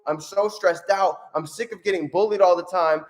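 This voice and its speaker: A man's voice: sits high, steady tone, moderate pace, lightly acted. A man voicing an anxious eight-year-old boy within a story he tells, in close to his own voice. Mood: upset.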